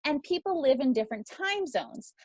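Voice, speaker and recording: A woman's voice: sits high, expressive, moderate pace, a little mellow, no echo. A woman teaching a crowdfunding class, upbeat and emphatic. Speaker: crowdfunding instructor.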